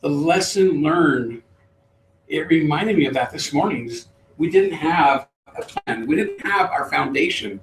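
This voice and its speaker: A middle-aged man, a trainer, telling a lively story to a live group and acting out the voices. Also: on the high side, measured pace, a little hiss or hum. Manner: animated storyteller, acts out voices. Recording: roomy, distant mic.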